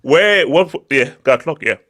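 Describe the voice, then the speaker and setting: A man's voice: a little high, lively intonation, unhurried, bright, forceful tone. A man hosting a casual online chat, teasing the panel and steering the talk.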